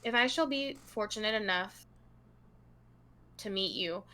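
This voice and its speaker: A woman's voice: medium pitch, a little slow, bright, forceful tone. A woman co-hosting a true crime podcast, reading long passages aloud to her co-host in a casual, chatty tone.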